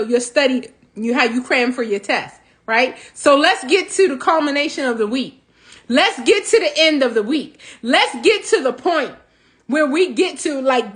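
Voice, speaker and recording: High-voiced, animated motivational woman. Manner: animated, preachy, laughs between points. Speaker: host of a healing talk show. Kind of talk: motivational talk.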